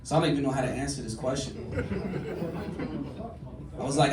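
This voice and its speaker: A male stand-up comedian telling a story on a club stage, animated, jumping to loud high bursts on the punchlines. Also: measured pace, pauses often, a crowd in the background. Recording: echoey club, distant mic, audience noise.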